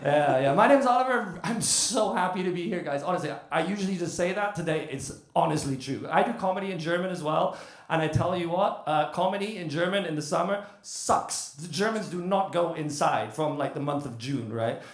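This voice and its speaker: High-voiced British stand-up comedian. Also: male voice, fairly quick, echoey room. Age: 30s. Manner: chatty, animated storytelling with crowd work. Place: comedy club stage.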